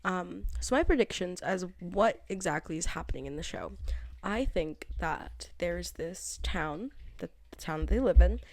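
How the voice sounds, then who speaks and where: A woman's voice: fairly low pitch, expressive, unhurried, darkish tone. A woman vlogging to her phone camera in a casual, rambling way, full of fillers and tangents. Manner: chatty, filler-heavy, loose tangents. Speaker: vlogger reviewing a TV show.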